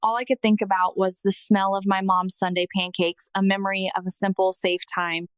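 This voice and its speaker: A woman narrating a scripted first-person testimony in a slow, emotional, earnest manner. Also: mid-range voice, little pitch movement, clear, resonant tone, dry recording.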